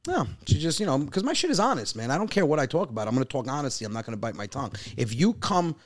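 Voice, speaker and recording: A man in his forties, a comedian, chatting casually and telling stories with animated acted-out voices and loud emphatic peaks. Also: medium pitch, very fast. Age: 40s. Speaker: comedian guest. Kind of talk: casual podcast chat.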